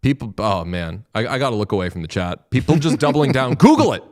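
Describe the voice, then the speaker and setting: A man's voice: fairly low pitch, animated, quick pace. A man hosting a casual hockey podcast, brash and swearing, talking back to his live chat. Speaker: podcast host.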